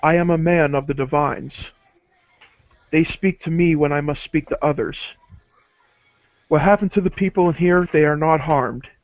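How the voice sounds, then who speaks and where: A man's voice: a little high, moderate pace, pauses often, no room sound, natural voice. A man voicing a solemn male spirit who speaks for the gods, with grave, portentous pronouncements. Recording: dull lo-fi dry recording.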